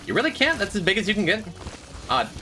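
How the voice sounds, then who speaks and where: A man's voice: high voice, huge pitch swings, quick pace. A man streaming a game, chatting with viewers in a dry, joking way. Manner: dry, joking, talks to chat. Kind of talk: casual gameplay commentary. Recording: faint music behind.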